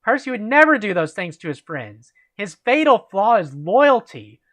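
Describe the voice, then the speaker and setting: An indignant teenage girl warrior protests that her friend is innocent, read aloud by a man from a fan story. The intonation rises and falls in a lively way, like a casual storybook reading. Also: high voice, normal speed.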